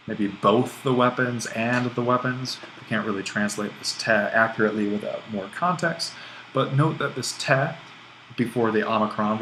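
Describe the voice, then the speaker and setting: A man's voice: lowish voice, a bit bright, a little hiss or hum, rough recording. A man teaching a recorded online lesson, explaining step by step and thinking aloud with small restarts. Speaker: Greek language instructor.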